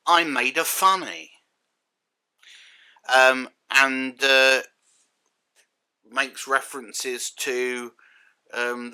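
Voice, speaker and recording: Sardonic bright-voiced male critic. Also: medium pitch, clear, resonant tone. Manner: sardonic, exasperated, rhetorical questions. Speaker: critic and reviewer. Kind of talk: spoken review commentary.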